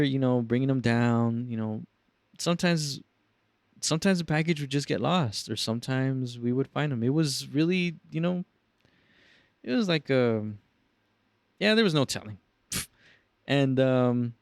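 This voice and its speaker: A man's voice: medium pitch, no echo. A young man telling a story on his podcast, swearing freely and acting out angry callers in raised voices. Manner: profane, animated, acts out callers in raised voices. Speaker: podcast host. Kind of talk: casual storytelling chat.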